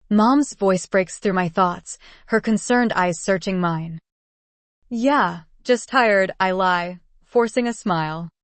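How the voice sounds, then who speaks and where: A woman giving a steady, measured first-person narration of a story as an audiobook narrator. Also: lowish voice, dry recording.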